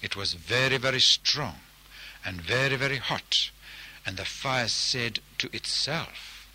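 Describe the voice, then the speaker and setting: Slow, deliberate male storyteller. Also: mid-range voice, lively intonation, sharp tone, breathy edge, rough recording. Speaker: narrator. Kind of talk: storytelling narration.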